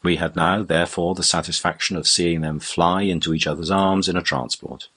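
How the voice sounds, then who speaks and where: A man reading a classic novel aloud in a measured, formal storytelling manner. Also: low-pitched, fairly even intonation, pushed and bright, husky. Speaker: audiobook narrator. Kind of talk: scripted narration of a classic novel.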